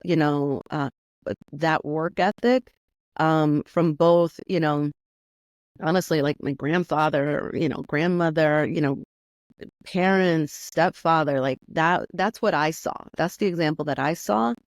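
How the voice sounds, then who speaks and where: A woman's voice: sits low, unhurried, dry recording. Middle-aged woman from New York, guest on an interview, chatty and filler-heavy, dry close sound. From New York, USA. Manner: chatty, many fillers like "you know" and "like"; slips into Spanish phrases. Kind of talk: casual conversational interview.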